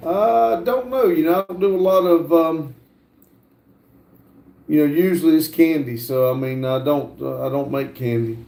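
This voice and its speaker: Middle-aged american guy doing a live stream, lots of uh's, kinda high but mellow voice, echoey room. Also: creaky. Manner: halting, fills pauses with frequent "uh". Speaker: livestream host. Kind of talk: casual chat reading viewer comments. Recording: roomy echo.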